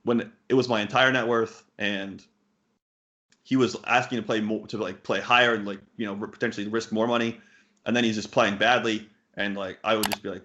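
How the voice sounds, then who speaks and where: A man's voice: on the low side, steady tone, fast talker, pushed and bright. A man in his thirties, a poker coach, answering interview questions bluntly, swearing casually and full of fillers and restarts. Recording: muffled lo-fi audio.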